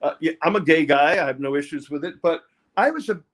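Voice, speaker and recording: An older man, telling his life story haltingly in an interview, often repeating words. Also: on the high side, fairly bright tone. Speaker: interview guest, music producer. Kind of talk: candid personal storytelling.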